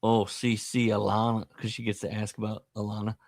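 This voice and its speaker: A man with a fairly low, gravelly voice hosts a casual book-discussion podcast. He retells the plot in an animated way and drops jokey, self-deprecating asides. The sound is close and dry. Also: brisk, no echo. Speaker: podcast host.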